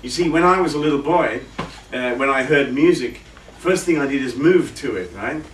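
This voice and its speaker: At a workshop held in a music shop's event room, a male guitarist chats casually as he teaches, voicing rhythms out loud at a moderate pace in a mid-range voice. Guitar playing, a roomy acoustic, and a distant mic make for a noisy background.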